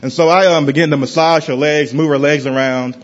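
A man giving a personal testimony to a congregation in a church, halting and often dropping soft and low. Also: fairly even intonation, dull audio.

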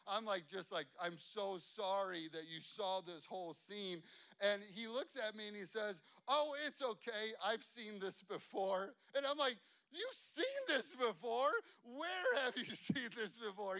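A man in his thirties tells a long family story to an audience in a rambling, animated way, with many fillers and asides. His voice sits high and comes across clear and smooth.

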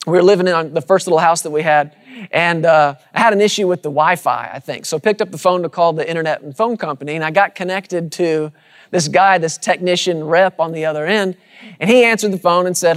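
A man's voice: on the high side, brisk. A man preaching a sermon to a congregation, using rhythmic repetition and calling out to the listeners. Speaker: pastor. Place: church sanctuary with congregation.

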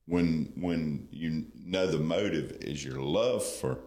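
A man's voice: very deep voice, takes it slowly, darkish tone, roomy sound. A man co-hosting a candid marriage podcast, teasing and joking with a lot of laughter. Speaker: podcast co-host. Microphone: on camera.

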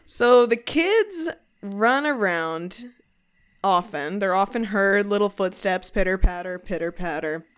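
Woman, podcast co-host, casual chat, lively storytelling, smooth clear voice. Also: mid-range voice, unhurried. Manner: animated storyteller, puts on accents.

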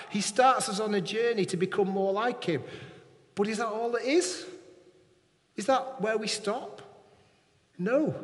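A man preaching a sermon to a congregation, engaging and often checking in with his listeners. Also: high-pitched. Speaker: pastor. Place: church hall. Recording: long hall reverb.

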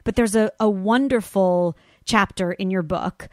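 A woman's voice: medium pitch, measured pace, darkish tone, no echo, clean studio sound. A woman hosting a broadcast interview, enthusiastic, reading a scripted introduction. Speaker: host.

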